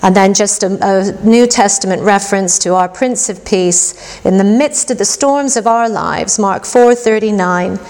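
A woman's voice: mid-range voice, unhurried, few pauses, darkish tone. A middle-aged woman preaching a sermon in an earnest, reflective way and telling a personal story. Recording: long hall reverb.

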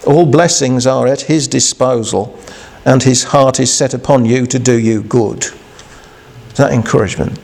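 A man gives a homely, unscripted sermon with a gravelly edge to his voice. He talks in a halting, conversational way, restarting phrases and checking in with rhetorical questions. His pitch sits in the everyday middle range for a man. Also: steady tone, a little mellow. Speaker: preacher. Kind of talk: informal devotional sermon.

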